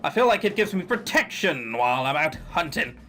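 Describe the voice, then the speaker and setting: A man voicing a big, blunt male hunter who grumbles in a gruff way. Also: fairly high pitch, sing-song, brisk, sharp tone. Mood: grumbling.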